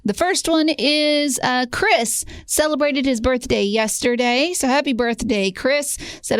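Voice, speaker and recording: Female co-host with a gravelly edge, chatty, reads messages. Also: high voice, unhurried, few pauses, dry recording, studio quality. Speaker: radio show co-host. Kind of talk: casual chat.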